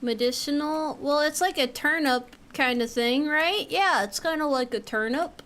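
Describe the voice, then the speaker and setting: A woman's voice: high voice, moderate pace, a bit bright. A young woman streaming a game, chatting casually with a playful, joking manner and casual swearing. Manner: playful, jokey, swears casually while playing.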